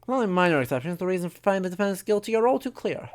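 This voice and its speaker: A streamer reading a game aloud and voicing a stern male judge in a measured, formal way. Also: mid-range voice, expressive, a little hiss or hum, lightly acted.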